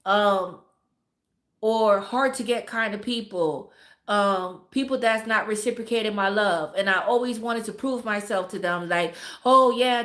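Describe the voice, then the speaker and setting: A woman's voice: mid-range voice, a bit bright, echoey room. A woman hosting a livestream, giving blunt, heavily profane relationship advice to her viewers and repeating words for emphasis. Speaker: livestream host talking to viewers. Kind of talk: casual livestream advice talk.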